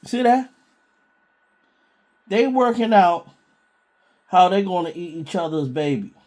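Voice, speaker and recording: A man's voice: high voice, animated, normal speed, a little mellow. A man preaching informally from scripture in a blunt, scolding way.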